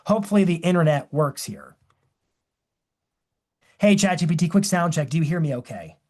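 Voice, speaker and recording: A man presenting a live webinar, talking in an energetic, enthusiastic and demonstrative way. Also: a little high, normal speed.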